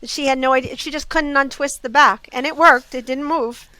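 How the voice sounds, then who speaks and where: Woman with a Southern US accent, bright, crisp and close-miked, telling anecdotes on a podcast. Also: high voice, normal speed, dry recording, rough recording. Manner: lively anecdotes, acts out customers' quotes. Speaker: jewelry store owner, guest. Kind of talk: casual storytelling.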